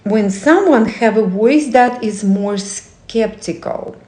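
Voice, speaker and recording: A woman's voice: mid-range voice, takes it slowly, hardly any pauses, dark tone. A woman hosting a casual talk, reading from a book and asking the listener reflective questions, with non-native English phrasing and frequent self-corrections. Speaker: host. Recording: roomy echo.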